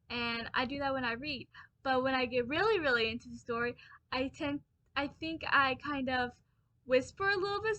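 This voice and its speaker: A woman's voice: on the high side, bright, forceful tone. A young woman vlogging about her reading early in the morning, tired and rambling with many fillers and restarts. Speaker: book vlogger. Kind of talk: casual chat to camera.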